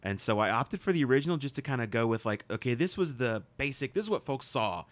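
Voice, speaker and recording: A man's voice: mid-range voice, big pitch swings, fast talker. A man in casual chat, rambling through explanations of a film he is showing his co-host. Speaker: podcast co-host.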